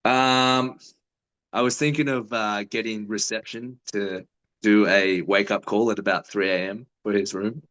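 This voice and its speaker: A man's voice: lowish voice, steady tone, measured pace, fairly bright tone, poor audio. A man in his thirties, a fighter, telling stories in a casual interview with a laid-back, swearing manner.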